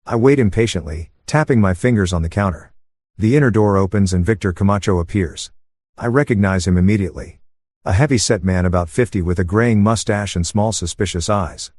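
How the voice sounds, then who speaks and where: A man narrates a first-person story in a steady, even way. His voice sits fairly low. The recording is close and dry, with no room echo. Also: a little fast.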